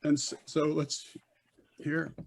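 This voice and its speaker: A man's voice: on the high side, completely flat delivery, slow, gravelly. A man teaching a Hebrew class over a video call, patient and repetitive, often checking whether students follow. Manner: patient, repeats and checks understanding.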